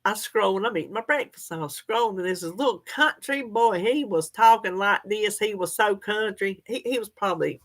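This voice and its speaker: A woman's voice: mid-range voice, a little fast, hardly any pauses. Chatty woman live-streaming. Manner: chatty, laughs often, folksy. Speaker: livestream host. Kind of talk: casual live chat reading comments.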